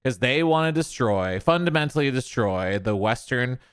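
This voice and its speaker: A man's voice: medium pitch, lively intonation, normal speed, smooth, no echo, studio quality. A man ranting on a streamed commentary show in a sarcastic, angry, profane way.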